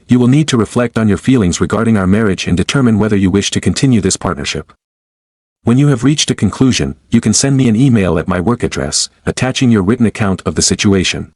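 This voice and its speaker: Male narrator, low voice, dry close sound, formal and measured storytelling. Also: darkish tone, dry recording. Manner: formal, measured, cold and deliberate. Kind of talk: first-person story narration.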